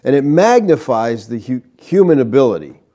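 A man preaching an expository sermon, reading scripture aloud in a measured teaching delivery with emphatic stresses on key words. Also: medium pitch, very animated, warm tone.

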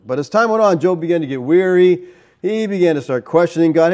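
A man preaching a sermon in an animated way, with rhetorical asides to the congregation. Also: fairly high pitch, a little fast. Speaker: pastor.

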